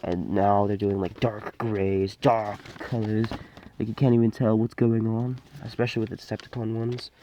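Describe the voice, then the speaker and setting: A man's voice: on the low side, little pitch movement, normal speed, dark tone, a little hiss or hum. A man giving a casual, unscripted toy review, rambling and hesitant with many fillers and restarts.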